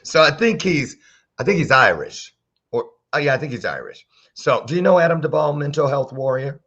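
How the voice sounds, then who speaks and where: A man's voice: a little high, expressive, moderate pace, a bit bright, breathy edge. A man hosting a talk show, bantering playfully with a preacher-like flair over a video call. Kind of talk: casual interview chat. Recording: dull lo-fi sound.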